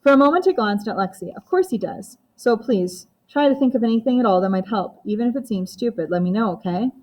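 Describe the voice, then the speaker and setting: A woman's voice: a little high, lively intonation, fast, a little mellow. Woman narrating an audiobook in first person.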